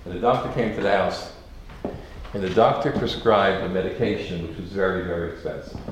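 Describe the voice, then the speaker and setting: A man giving a sermon as a rabbi, telling a story with lively, repeated words and restarts. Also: sits low, a little fast. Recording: echoey room from far off, noisy.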